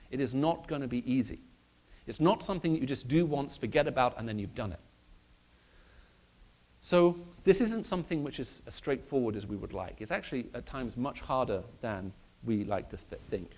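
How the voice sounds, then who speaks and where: A man with a British accent, raised in the Middle East, giving a lively conversational apologetics talk in a church and questioning his audience. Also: a little high. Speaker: speaker.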